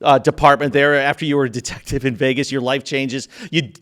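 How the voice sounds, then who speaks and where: A man's voice: mid-range voice, steady tone, fairly quick, fairly bright tone. A man hosting a casual interview, joking and asking leading questions. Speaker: host.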